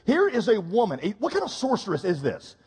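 A man preaching a sermon, reading scripture and adding quick comic asides. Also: sits high, huge pitch swings, a little mellow, breathy edge, big-room sound. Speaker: pastor.

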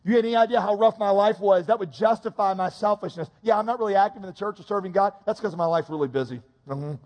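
A man preaching a sermon as a pastor, dropping to hushed, slow intimacy and then rising to loud, urgent emphasis. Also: high-pitched, dull audio. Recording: hall reverb.

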